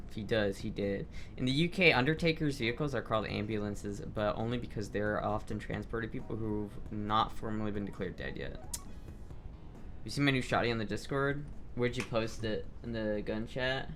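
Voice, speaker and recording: A young man livestreaming, chatting casually and reading chat aloud in a loose, profane, animated way. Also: fairly low pitch, normal speed. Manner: loose, profane, animated, with frequent restarts and laughs. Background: faint background music.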